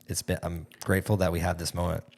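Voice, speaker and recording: A man's voice: sits low, level tone, fast, gravelly. A man in his thirties hosting a podcast, talking casually and thankfully with his guest. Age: 30s. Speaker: podcast host.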